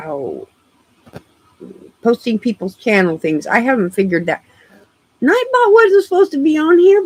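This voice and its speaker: A woman streaming live, chatting casually in an excitable, rambling way and laughing easily. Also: fairly high pitch, no room sound, low-quality recording.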